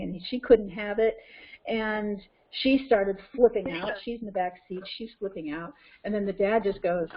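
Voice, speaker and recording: A woman's voice: mid-range voice, a little hiss or hum. Chatty woman coaching parents on a muffled call. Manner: conversational, checks in with "okay?" and "right?". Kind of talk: webinar teaching. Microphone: conference call line. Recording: muffled web call audio.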